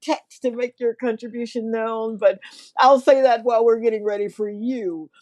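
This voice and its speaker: A woman's voice: on the high side, fairly even intonation, normal speed, a little mellow. A middle-aged woman from Mississippi hosting a faith talk show, telling a heartfelt testimony in a preacherly way and laughing often.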